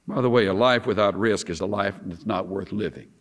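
A man preaching a sermon, reading scripture aloud and moving between loud emphasis and quiet asides. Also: fairly low pitch, brisk.

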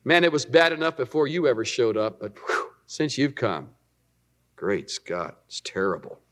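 A man voicing a resentful crowd, muttering low and grumbling. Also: very animated, normal speed, fairly bright tone.

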